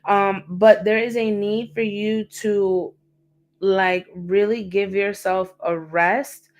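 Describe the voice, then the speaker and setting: A woman reads tarot on a livestream in a blunt, slangy voice. She speaks slowly and repeats key lines to drive them home, at a mid pitch. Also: fairly even intonation, highs cut off. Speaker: tarot reader hosting a livestream.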